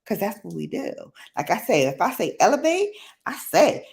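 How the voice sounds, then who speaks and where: A woman hosting a casual storytime livestream, animated and laughing often, acting out quotes. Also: medium pitch, normal speed, vocal fry. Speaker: livestream host.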